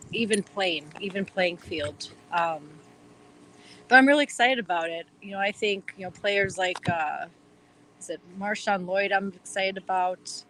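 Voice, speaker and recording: A woman's voice: mid-range voice, a bit bright, a little hiss or hum, low-quality recording. A woman with a Wisconsin accent, a podcast guest chatting eagerly about her team in a rambling way with plenty of fillers. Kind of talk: casual chat.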